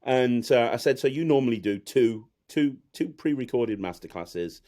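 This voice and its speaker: A magician gives a candid, casual interview as a guest, rambling, self-deprecating and quick to laugh. He speaks in an animated, warm, mid-range voice at a moderate pace.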